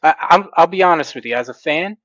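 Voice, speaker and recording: A man's voice: on the high side, animated, fairly quick, a bit bright, no room sound. Passionate male fan, dull lo-fi sound. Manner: emphatic, passionate fan talk. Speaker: podcast co-host. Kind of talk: casual sports chat. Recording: dull lo-fi recording.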